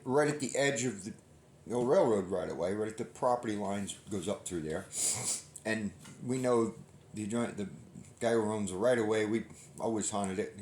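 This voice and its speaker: A man's voice: on the low side, a little mellow, a little hiss or hum. A middle-aged man hosting a hunting channel, telling a long story in a folksy, rambling way and often restarting his sentences. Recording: roomy echo.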